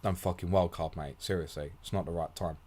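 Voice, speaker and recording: A man hosting a fast live Q&A, blunt and casual, calling listeners mate, with a sore throat and short of sleep. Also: sits low, steady tone, a little mellow. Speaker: host answering viewer questions.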